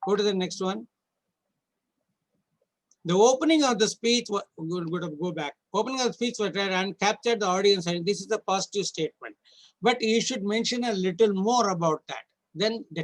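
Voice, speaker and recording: A man giving an online training lecture to contest judges, stepping through slides point by point in a halting, instructive way. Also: high voice, rough recording.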